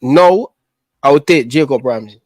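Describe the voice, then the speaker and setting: A man's voice: medium pitch, unhurried, a little mellow, dry recording. Jamaican man, dry close sound. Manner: Jamaican patois grammar, hesitant. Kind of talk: casual chat.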